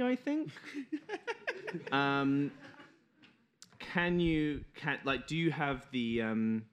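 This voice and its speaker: A man playing a contestant at a live comedy show, talking haltingly with many fillers. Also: lowish voice. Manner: halting, hesitant, full of fillers. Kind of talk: live comedy role-play.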